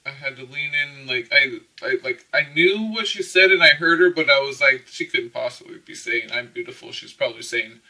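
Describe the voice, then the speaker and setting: A man's voice: medium pitch, expressive, normal speed, few pauses, pushed and bright, recorded from a distance, low-quality recording. A man giving a casual, rambling tarot reading, often checking in with "okay?" and breaking into little laughs. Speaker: tarot reader.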